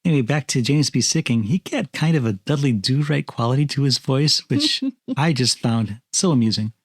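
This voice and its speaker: A man co-hosting a film podcast, talking in a measured, matter-of-fact way with dry humor. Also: mid-range voice, expressive, breathy edge, no room sound. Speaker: podcast co-host. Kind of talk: casual film review chat.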